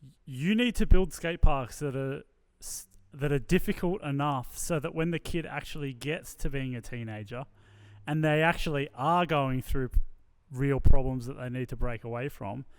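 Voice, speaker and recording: A man's voice: medium pitch, normal speed, clear, resonant tone. A man hosting a podcast, chatting thoughtfully and casually with restarts.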